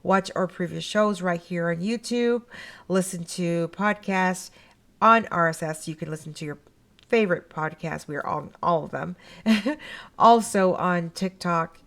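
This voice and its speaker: Gravelly-voiced chatty Canadian woman host. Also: lowish voice, measured pace, a bit bright. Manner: chatty, laughs often, many fillers. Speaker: podcast host. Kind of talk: casual podcast chat.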